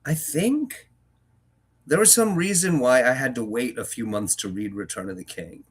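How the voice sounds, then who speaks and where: A man's voice: mid-range voice, expressive, normal speed, slightly rough. A man hosting a book-reading channel, chatting casually between readings in a rambling way, with frequent restarts and fillers. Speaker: reader and host.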